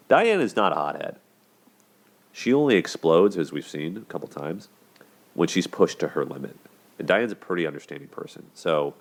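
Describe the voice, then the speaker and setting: A man hosting a casual relationship commentary, talking conversationally and acting out quoted lines. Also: gravelly. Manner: conversational, acts out quotes in higher voices. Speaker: host of a relationship commentary show.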